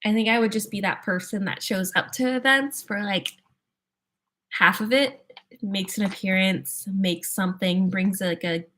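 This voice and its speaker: A woman's voice: medium pitch, steady tone, a little slow, fairly bright tone. A young woman hosting a casual livestream, chatting with viewers, laughing often and thinking aloud with plenty of "like"s. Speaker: livestream host. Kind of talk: casual chat answering viewers.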